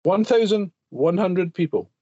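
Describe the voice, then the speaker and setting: A man's voice: high-pitched, lively intonation, measured pace, dark tone, dry recording, muffled recording. A man co-hosting a casual podcast chat, blunt and teasing, swearing often. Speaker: podcast co-host.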